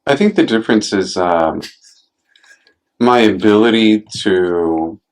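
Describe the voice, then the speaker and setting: Man, lowish voice, casual talk, joking, rambling, lots of fillers. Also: takes it slowly. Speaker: podcast host. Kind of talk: casual conversation.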